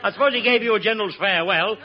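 A man as the host of a 1940s radio comedy, firing off rapid puns. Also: sits high. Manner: rapid punning patter. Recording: lo-fi old radio recording with studio audience.

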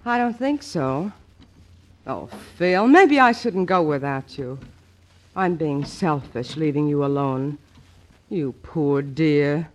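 Dry, teasing woman, slow and deliberate, old-time radio comedy. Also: low-pitched, lively intonation. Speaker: comedy show co-host.

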